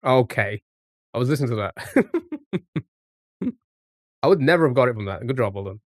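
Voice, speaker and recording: A man streaming a music quiz live and chatting easily with his viewers. He sits in the middle for pitch and sounds dry and close, with no room around him. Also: lively intonation, normal speed, dry recording. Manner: chatty, reacts to chat. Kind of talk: casual live-stream chat.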